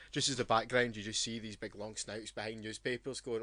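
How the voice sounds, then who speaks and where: A man's voice: fairly low pitch, flat delivery, brisk, pushed and bright, dry recording. A young Scottish man co-hosting a podcast who talks bluntly, swears freely and laughs often. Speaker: podcast co-host. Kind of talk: casual wrestling banter.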